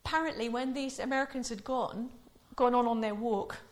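A woman's voice: on the high side, fairly even intonation, fairly quick. A woman preaching a sermon, telling stories in a chatty way before leading a prayer. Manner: chatty storytelling, laughing often.

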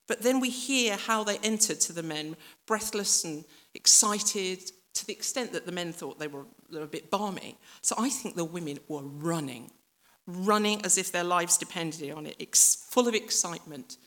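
A woman's voice: on the low side, moderate pace, fairly bright tone. A woman preacher giving a reflective, conversational sermon that speaks directly to the listeners and acts out voices from the story.

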